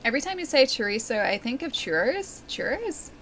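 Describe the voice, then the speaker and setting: Playing a game on stream, this Australian woman talks casually with her audience, reading and answering chat and laughing a lot. Her fairly quick, slightly bright voice sits on the high side and swings widely in pitch, with slight background noise.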